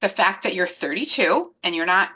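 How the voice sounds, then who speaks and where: A woman in her thirties telling a personal story as an interview guest, animated and acting out the voices of people she quotes. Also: on the low side, moderate pace, husky, low-quality recording.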